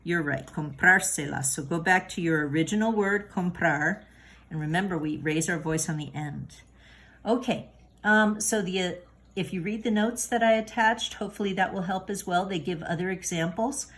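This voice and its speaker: A woman's voice: lowish voice, normal speed. A woman teaching a recorded grammar lesson, patient and encouraging, with many fillers and restarts. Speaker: Spanish teacher.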